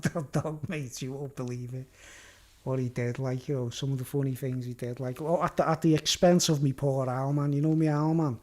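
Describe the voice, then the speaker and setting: A man's voice: medium pitch, darkish tone. A man with a Scouse accent rambling through a live-stream monologue, laughing often and repeatedly asking "you know what I mean?". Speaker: vlogger.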